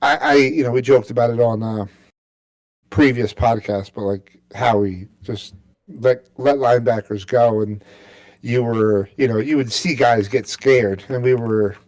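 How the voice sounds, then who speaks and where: A man's voice: medium pitch, a little slow, a little mellow, no echo. Rambling male sports podcast co-host. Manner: rambling, many fillers and restarts. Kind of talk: casual sports podcast chat.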